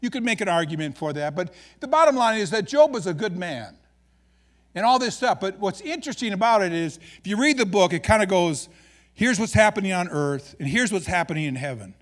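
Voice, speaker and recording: A man's voice: sits high, brisk. A man with an Upper Midwest American accent preaching a sermon as pastor, folksy and joking as he tells stories. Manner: folksy, joking, animated storytelling.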